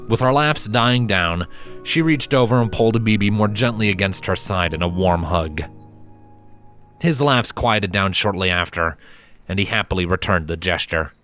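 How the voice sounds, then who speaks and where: Low-voiced guy reading fanfic, calm and steady, soft music under it. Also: moderate pace. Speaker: fanfiction reader. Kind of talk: storybook narration.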